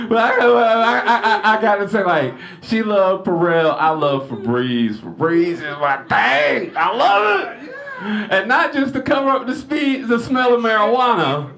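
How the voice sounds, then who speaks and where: High, lively comedian on stage. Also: male voice, a little slow, vocal fry. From North Carolina. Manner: animated, acts out voices in his stories. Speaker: stand-up comedian. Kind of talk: live stand-up set. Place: stage at a lodge hall.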